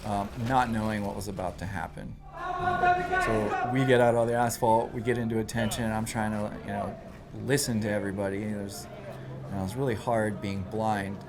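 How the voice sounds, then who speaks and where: A man casually recounting a hard training experience, loose and relaxed, full of fillers as he talks. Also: on the low side, normal speed, a loud crowd. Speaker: interviewee recalling a training event. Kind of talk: casual storytelling. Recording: music playing under the voice.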